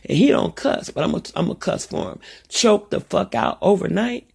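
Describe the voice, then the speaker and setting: A middle-aged woman talks straight to her viewers, blunt and profane as she tells a heated story. Her voice is deeply gravelly with a husky, raspy edge. Her pitch swings widely from high to low. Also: lively intonation, normal speed, a little mellow. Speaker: vlogger. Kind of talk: casual monologue vlog.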